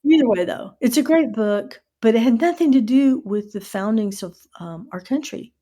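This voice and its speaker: A middle-aged American woman hosting a casual podcast, telling stories with lively asides and spelling out words letter by letter. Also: a little high, normal speed. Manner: animated storyteller who spells out words letter by letter. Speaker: podcast host.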